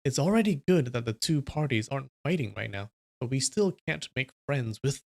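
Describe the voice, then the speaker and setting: A courteous young swordsman headmaster, earnest and open-hearted, turning down gifts with polite insistence, as a man reading a story aloud puts him on. The voice sits a little higher than a plain reading voice. It is a livestream storybook reading. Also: animated, brisk, creaky, a little mellow. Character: young male sect headmaster, carefree and polite.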